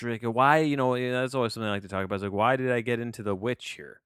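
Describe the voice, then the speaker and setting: A man's voice: fairly low pitch, brisk, hardly any pauses, a bit bright, clear, resonant tone, no room sound, studio quality. A man hosting a casual movie review podcast, talking in a loose, rambling way with many fillers and restarts. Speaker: podcast host.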